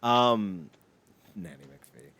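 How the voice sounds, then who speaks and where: A man's voice: lowish voice, very slow, fairly bright tone, clean tone, dry recording. A man co-hosting a wrestling podcast, casual chat, opinionated, rambling and jokey. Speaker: podcast co-host.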